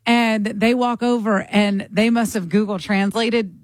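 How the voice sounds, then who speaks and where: Animated American woman telling a story. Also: medium pitch, unhurried, no echo. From United States. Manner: animated storyteller acting out quotes. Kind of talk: casual chat.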